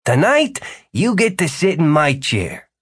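A man doing a booming grand wizard host. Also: huge pitch swings, measured pace, slightly rough, no echo, studio quality, heavily acted. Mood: welcoming. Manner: booming, theatrical, commanding. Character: jovial grand adult male wizard host.

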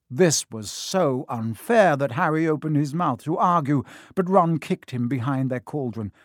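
A man reading a children's novel aloud in a measured, expressive storybook narration. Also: on the high side, no echo, studio quality. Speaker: audiobook narrator.

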